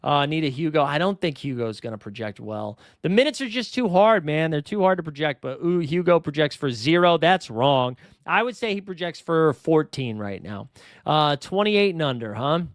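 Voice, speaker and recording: A man hosting a casual livestream, his voice a touch high and very smooth and clear. He talks in a quick, chatty way, reading off names and numbers. The sound is dry and close. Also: animated, no room sound. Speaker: fantasy basketball show host.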